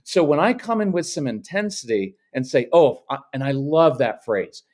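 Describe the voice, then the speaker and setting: This man's voice is a little high and darkish in tone, very animated, at a moderate pace. As a guest parenting coach in a casual interview, he gives advice and animatedly acts out both parent and child voices in his examples.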